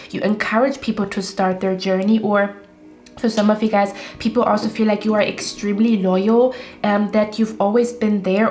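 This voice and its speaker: Even-toned woman giving a tarot reading. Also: medium pitch. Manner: rambling, reassuring, addresses viewers directly. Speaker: tarot reader.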